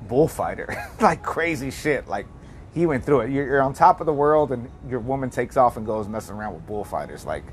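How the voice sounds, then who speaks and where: A man's voice: medium pitch, lively intonation, fairly quick, slight background noise. Rambling reflective man telling a story. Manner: rambling and reflective, with many restarts and "like". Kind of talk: casual personal storytelling.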